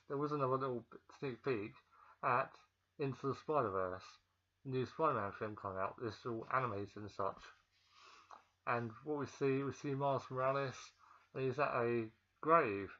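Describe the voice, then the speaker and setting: A man's voice: medium pitch, normal speed, dull audio. Man rambling through a film recap. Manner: rambling and hesitant, many ums and restarts. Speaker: film reviewer. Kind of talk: casual spoken film recap.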